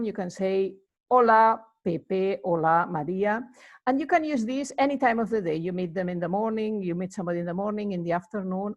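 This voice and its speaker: Chatty woman teaching greetings. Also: medium pitch. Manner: chatty and rambling, many fillers. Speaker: Spanish teacher. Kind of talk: casual spoken lesson.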